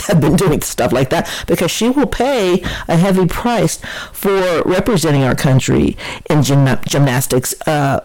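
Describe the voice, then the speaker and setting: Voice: medium pitch, darkish tone, low-quality recording. A political commentator giving an opinionated solo commentary, emphatic and scornful, often repeating words and restarting sentences.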